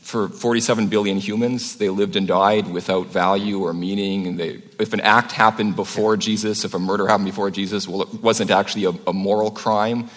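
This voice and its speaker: A man with a very low voice speaks at a live debate, quick and questioning as he presses his case. His words carry the long reverb of an event hall. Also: fairly even intonation. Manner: fast, questioning, argumentative.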